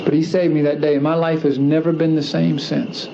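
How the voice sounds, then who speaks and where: A man's voice: on the high side, level tone, moderate pace, vocal fry. A man giving an earnest personal religious testimony, emphatic and repeating key phrases for stress. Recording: dull lo-fi archive recording with faint hiss.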